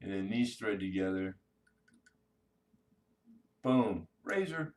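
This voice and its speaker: Slangy and laid-back, a low-voiced man chats with his live-stream viewers while showing off coins and collectibles. He's seated a bit back from the mic, so he comes across somewhat distant, and his delivery is expressive and slow with a darkish tone.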